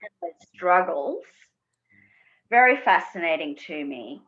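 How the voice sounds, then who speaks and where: A woman's voice: fairly low pitch, animated, a little slow, fairly bright tone. A woman guest from Australia in a casual interview, chatty, laughing easily and restarting her sentences. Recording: dull lo-fi sound.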